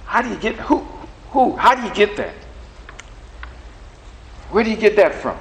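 A middle-aged man delivers a sermon in an animated, conversational style. His voice sits somewhat high, and a faint hiss of room noise runs underneath. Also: moderate pace, gravelly, rough recording. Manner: animated, conversational, acts out dialogue with God. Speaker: preacher.

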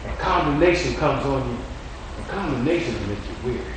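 A man's voice: mid-range voice, lively intonation, brisk. A male preacher giving a folksy, repetitive, encouraging sermon. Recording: very echoey room, distant mic, faint noise.

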